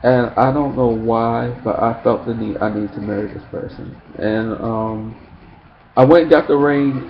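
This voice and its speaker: A man telling a personal story in a casual, rambling way, acting out friends' lines in shrill high voices. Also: normal speed. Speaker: vlogger. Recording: dull lo-fi sound with faint background noise.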